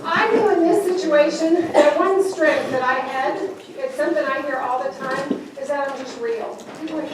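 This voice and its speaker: A woman's voice: high-pitched, a little fast, few pauses, a crowd in the background. A woman gives a playful motivational talk, quizzing a live audience. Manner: playful, engages the audience with questions. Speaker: professional speaker. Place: large event hall. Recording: echoey hall, distant mic, noisy.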